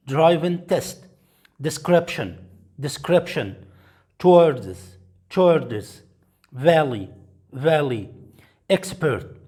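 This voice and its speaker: A man who speaks as his leads an English vocabulary drill, reading each word slowly and then repeating it. His voice sits a little high, and he says every word clearly so students can copy it. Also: darkish tone. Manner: clear, deliberate pronunciation for learners to repeat. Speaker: English teacher.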